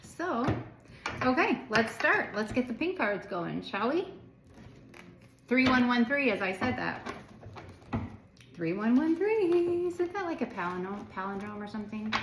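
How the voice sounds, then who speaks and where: An American woman reads tarot for her viewers in a casual, chatty way, rambling and filling her speech with filler words. Her voice sits fairly high, with a sing-song lilt and a moderate pace. The room is echoey, and there's background noise.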